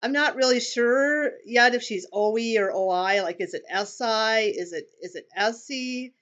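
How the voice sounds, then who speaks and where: A woman talks over video clips and thinks aloud, her speech unhurried and full of questions. Her voice sits a little high and sounds dull and lo-fi. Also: fairly bright tone. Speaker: personality-typing commentator.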